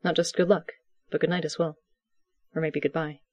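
Calm, dry storybook narrator. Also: medium pitch, normal speed, no echo, muffled recording. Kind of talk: audiobook fiction reading.

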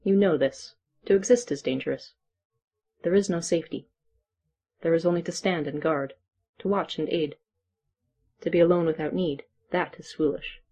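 Reader doing a gruff old she-wolf, storybook, terse clipped lines, husky low tone. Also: moderate pace, warm tone. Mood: blunt.

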